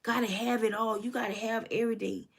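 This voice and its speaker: A woman's voice: fairly high pitch, fairly even intonation, brisk, gravelly, slightly rough. Woman playing a resentful drunk man, bitter and dismissive.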